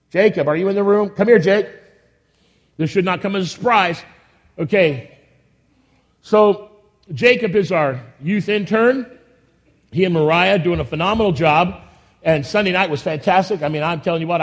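High-voiced enthusiastic man preaching. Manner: folksy, rambling, enthusiastic with restarts. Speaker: pastor. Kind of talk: church announcements and sermon. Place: church sanctuary.

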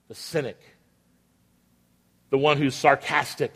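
A man's voice: medium pitch, fairly even intonation, unhurried, pauses often. A man preaching a sermon as a pastor, asking the congregation rhetorical questions and acting out the voices he quotes. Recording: long reverb of a large hall.

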